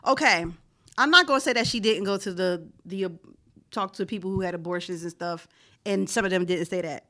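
A woman co-hosting a podcast in casual chat, slangy and animated, laughing often and repeating herself for emphasis. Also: mid-range voice, fairly quick. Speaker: podcast co-host.

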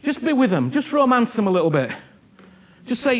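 Husky, animated preacher. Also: male voice, very high voice, a little fast. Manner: animated, earnest, repeats himself, keeps asking "you understand me?". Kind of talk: sermon.

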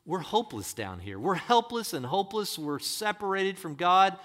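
A man preaching a sermon, voicing a proud, offended foreign woman who answers back loudly and indignantly. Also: mid-range voice, wildly swooping pitch, breathy edge. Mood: pleading. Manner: loud, indignant, rapid rhetorical questions.

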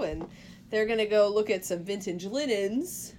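A woman co-hosts a casual movie podcast, walking through the plot and slipping into quick quoted lines as she goes. Her pitch sits in the middle of the usual range. A faint hiss runs under the recording. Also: a little mellow. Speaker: podcast co-host.

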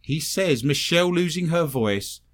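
Male podcast host, wry and teasing, lively pitch, reads listener mail for laughs. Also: a little slow. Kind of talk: comedic podcast chat, reading listener messages.

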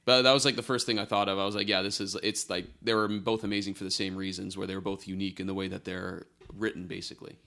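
A man's voice: low-pitched, little pitch movement, fast, creaky, few pauses, sharp tone. A young man co-hosting a casual music podcast, rambling with lots of fillers and jokes. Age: young adult. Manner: rambling, many fillers, joking. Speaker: podcast co-host. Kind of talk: casual chat about music.

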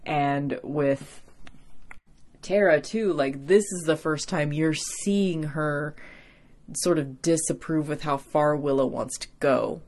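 A young woman with a low voice hosts a casual episode recap. She rambles in a chatty, profane way, leaning on "like" constantly. There is a tired edge from a long workday. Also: slow pace, darkish tone. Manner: chatty, profane, heavy use of "like". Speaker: podcast host.

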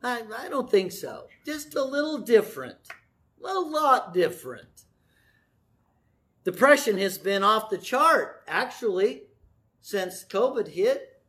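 A middle-aged man preaching a sermon in a folksy way, with joking asides, slowing down to stress key words. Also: sits high, sing-song, fairly bright tone. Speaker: pastor.

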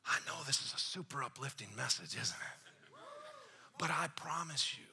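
A man's voice: medium pitch, expressive, moderate pace, gravelly, pushed and bright. A man preaching a sermon as pastor, calling out to the congregation and slipping into joking asides.

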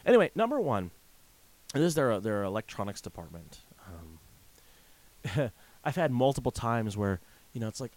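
A man's voice: medium pitch, big pitch swings, normal speed, pauses often, darkish tone. A man in his thirties in a casual ranting monologue, telling exasperated stories and acting out quotes. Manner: exasperated, storytelling with acted quotes. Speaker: vlogger.

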